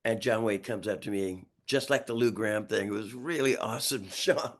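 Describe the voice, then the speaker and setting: A man's voice: lowish voice, moderate pace. Rambling man in his sixties. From New York, USA. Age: 60s. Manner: lively, rambling, chuckles often, restarts sentences. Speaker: guest musician. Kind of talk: casual storytelling interview.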